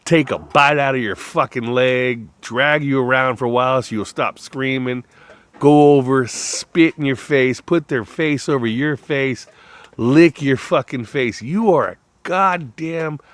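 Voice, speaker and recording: A man in a rambling, profane monologue whose voice swings between loud outbursts and low mutters. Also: measured pace.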